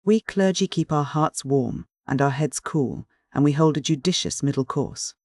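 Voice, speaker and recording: Older male dean, read by a man: prudent, smooth-spoken, evasive; a slightly raised pitch. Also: normal speed, a little mellow, dry recording, clean studio sound, natural voice. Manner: suave, soothing, evasive.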